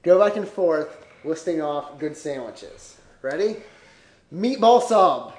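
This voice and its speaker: A man's voice: a little high, expressive, takes it slowly, reverberant, noisy background. A man hosting a podcast in casual comedic banter, joking, loose and profane. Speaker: podcast host.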